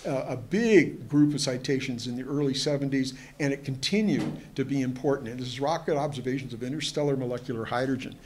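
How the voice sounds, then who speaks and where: A man's voice: medium pitch, a little fast, hardly any pauses, a little mellow, slight background noise. A man, a museum historian, giving a lecture to an audience, hesitant with many fillers and restarts, and chatty with joking asides.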